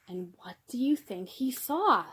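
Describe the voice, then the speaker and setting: A young woman reads a picture book aloud to children in an unhurried, gentle way, calling her little listeners friends and gasping for effect. Her voice sits a bit high and she lets every line breathe. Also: sing-song, breathy edge. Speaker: children's storyteller.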